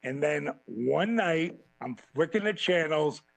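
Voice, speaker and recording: A man as a podcast guest telling profane, animated stories and acting out quotes. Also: on the high side, slow, vocal fry, dry recording, rough recording. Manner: animated, swearing freely, acts out quotes. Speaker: podcast guest, former wrestling champion. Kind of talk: profane storytelling in a podcast interview.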